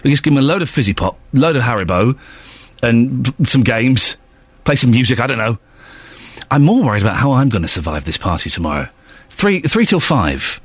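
A man hosting morning radio, talking fast in a slightly husky voice with a lively, bouncing pitch. He jokes about himself and keeps the banter moving. Faint music plays under him. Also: no echo. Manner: playful, self-mocking, quick banter. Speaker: radio host. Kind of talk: casual radio chat.

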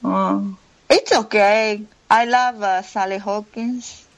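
Female radio caller, halting hesitant English, slow unhurried delivery. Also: mid-range voice, fairly even intonation, poor audio. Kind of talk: phone-in call.

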